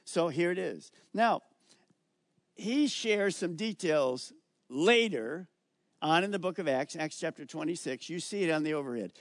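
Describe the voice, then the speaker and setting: A middle-aged male pastor preaching a sermon, emphatic and slowing down on key words as he reads scripture aloud. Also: a little high, no room sound, clean studio sound.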